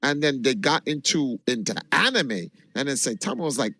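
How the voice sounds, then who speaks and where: A man from Jamaica, a livestreamer, telling a long story in an animated, casual way and swearing freely. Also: mid-range voice, moderate pace, no room sound. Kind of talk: casual chat.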